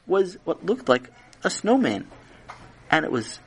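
Brief: lively male storyteller, slightly high voice, swooping and dramatic. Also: a little slow, breathy edge. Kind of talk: children's story narration.

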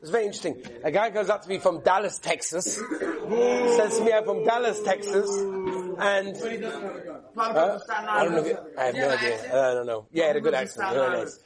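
Speaking at a normal speed in a high-pitched voice, a rabbi leads a live class before an audience. Between points he rambles and jokes with listeners, drawing murmurs and laughter from the crowd.

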